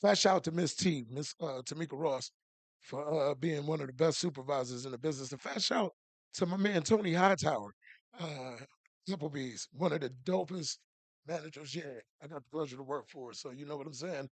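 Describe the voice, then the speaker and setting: A man co-hosting a podcast in relaxed casual chat, slangy and full of shout-outs. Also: a little high, brisk, no room sound. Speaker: podcast co-host.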